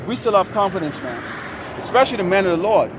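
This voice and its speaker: Man with a high voice preaching outside, heated and ranty, loud traffic going by behind him. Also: sing-song, quick pace. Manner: heated, ranting, profane. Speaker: street preacher. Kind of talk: street preaching to camera. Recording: outdoor traffic noise.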